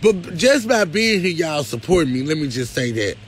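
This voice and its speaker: A man hosting a live stream, talking casually, pleading one moment and loudly complaining the next. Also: fairly high pitch, normal speed, faint music behind. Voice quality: animated, swings from pleading to loud complaint. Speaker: live show host.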